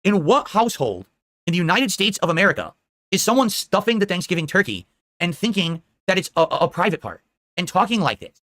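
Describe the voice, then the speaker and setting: A man hosts a live commentary stream in a high, bright voice and talks at a fast clip. He sounds indignant and rambles, checking in with "all right?" again and again. The sound is close and dry. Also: big pitch swings, no echo.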